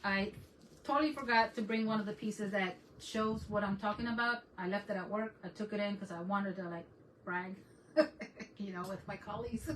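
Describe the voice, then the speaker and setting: A woman hosting a casual crafting livestream from home, chatting excitedly and greeting viewers in a mix of English and Spanish. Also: medium pitch, moderate pace, distant mic, slight background noise, low-quality recording.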